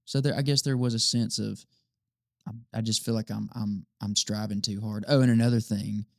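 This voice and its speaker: A man in his twenties with a Southern US accent, chatting as a podcast guest, relaxed and repeating his words. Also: on the low side, normal speed, creaky, no room sound, clean studio sound. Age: 20s. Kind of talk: casual conversation.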